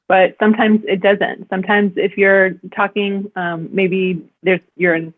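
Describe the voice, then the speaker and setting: A woman's voice: mid-range voice, steady tone, a little slow, hardly any pauses. A woman voice-interpreting a lesson, explaining with some hesitations. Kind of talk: interpreting a sign-language lesson. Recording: tinny phone-like sound.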